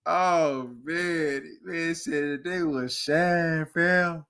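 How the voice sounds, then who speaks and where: A man, ranting casually about football, animated and mocking, often breaking into laughs and loud outbursts. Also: a little high, very slow, clean tone. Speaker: sports commentator. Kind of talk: casual sports rant. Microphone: streaming mic.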